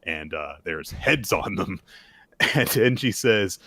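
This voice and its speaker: A man co-hosting a podcast, casually recapping manga and acting out the characters' lines in an animated way. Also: sits low, takes it slowly, no echo, studio quality. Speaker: podcast co-host.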